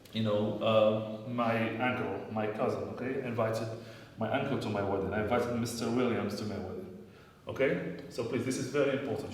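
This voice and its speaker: Echoey teacher drilling English grammar. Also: male voice, mid-range voice, a little hiss or hum. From Morocco. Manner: repetitive, drills phrases over and over. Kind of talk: classroom grammar lesson. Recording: echoey room, voice from a distance.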